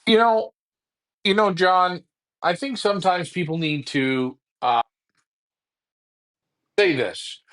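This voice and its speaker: A man's voice: high voice, slow, pauses often, fairly bright tone. A man co-hosting a casual live discussion, talking in an emphatic, preachy way, repeating his points and swearing.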